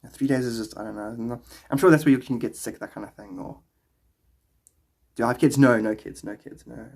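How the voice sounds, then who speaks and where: A South African man chats loosely on a livestream from home. He rambles and answers viewers' questions aloud in a gravelly, husky voice. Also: mid-range voice, fairly quick, darkish tone. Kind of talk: casual livestream chat.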